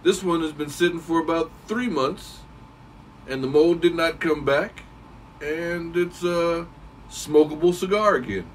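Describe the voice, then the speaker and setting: A man giving a casual, rambling how-to talk as a cigar reviewer, clearing his throat now and then. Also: a little high, a little slow, far from the mic, slight background noise, poor audio.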